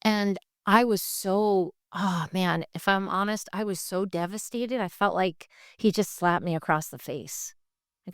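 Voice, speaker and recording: A woman's voice: fairly low pitch, steady tone, unhurried, smooth, no room sound, clean studio sound. A woman guest telling a personal faith story with candid feeling, talking straight and acting out the voices of the people in it. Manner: emotional, acts out the voices in her story; straightforward and frank. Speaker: guest sharing her faith testimony.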